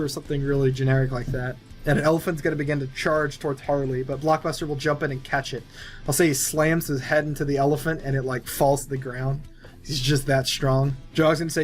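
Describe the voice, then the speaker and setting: Soft music plays as a young movie creator briskly and flatly narrates a plot he wrote, his voice pitched fairly high. He rambles loosely and uses a lot of fillers in this casual pitch.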